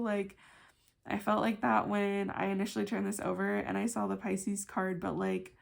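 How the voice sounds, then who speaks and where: Young woman with a vocal-fry tarot chat. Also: mid-range voice, level tone, moderate pace. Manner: chatty and emphatic, heavy "like" fillers, casual swearing. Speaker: tarot card reader. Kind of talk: casual pick-a-card reading.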